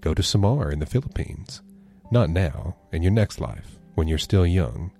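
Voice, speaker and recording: A man's voice: low-pitched, very animated, normal speed, creaky, mellow, soft background music, heavily acted. A man doing a taunting, uncanny old vagrant. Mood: mocking. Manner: taunting, cryptic. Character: filthy old homeless man, mocking and uncanny.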